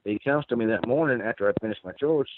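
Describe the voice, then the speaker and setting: A man's voice: mid-range voice, quick pace, noisy background. Man telling a tale by phone. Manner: rambling, earnest, with restarts. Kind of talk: first-person storytelling. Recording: tinny phone line.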